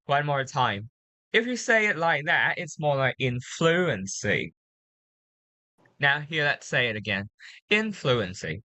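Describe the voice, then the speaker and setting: A woman tutoring English pronunciation, patiently drilling words slowly and repeating them. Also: sits low, lively intonation, bright, forceful tone, no room sound. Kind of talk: one-on-one pronunciation coaching.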